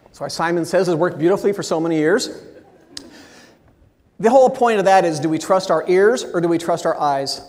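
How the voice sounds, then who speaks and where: A man giving a keynote speech at a meeting, with lively, shifting inflection. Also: high-pitched, fairly quick, pauses often. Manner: animated, expressive inflection. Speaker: motivational speaker. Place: large meeting hall. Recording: long hall reverb.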